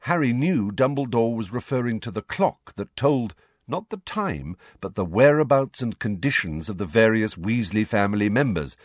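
A man's voice: lowish voice, no room sound. A man narrating a fantasy novel as an audiobook reader. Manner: lively storytelling, dry close reading. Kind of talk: scripted narration.

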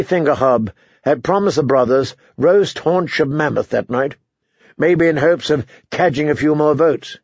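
A man narrating an audiobook in a steady storytelling manner. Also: mid-range voice, normal speed, husky, dry recording. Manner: steady storytelling, voices characters. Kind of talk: scripted narration. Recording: dry, slightly dull recording.

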